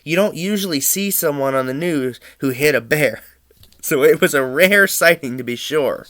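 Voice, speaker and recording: A young man from Pennsylvania telling family anecdotes in an animated, chuckling way for a student project. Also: fairly high pitch, moderate pace, no echo, studio quality. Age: young adult. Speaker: student storyteller.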